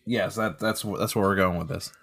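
A man's voice: low voice, steady tone, brisk, gravelly, a bit bright. A man player in a tabletop role-play, describing his character's moves playfully.

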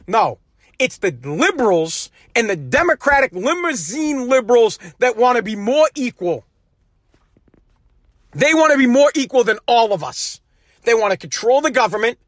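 A man's voice: extremely high pitch, sing-song, moderate pace, dry recording, studio quality. A man giving a heated, profane political rant, mocking the people he talks about. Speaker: political commentary host.

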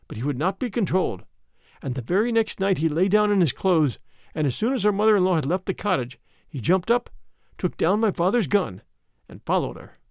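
An audiobook narrator with a lively, high male voice gives scripted narration of a gothic tale, telling it in an expressive, dramatic way. The sound is clean studio audio with no echo.

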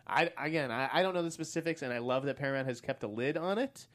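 A man co-hosting a podcast, chatting casually about movie news, blunt and quick to swear and laugh. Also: mid-range voice, a bit bright. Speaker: podcast co-host.

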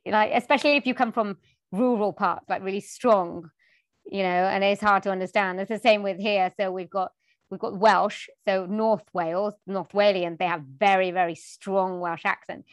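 A woman's voice: mid-range voice, steady tone, moderate pace, dry recording. Brief: British woman guest, chatty and laughing, dry close recording. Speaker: guest, voiceover artist and singer. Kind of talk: casual chat.

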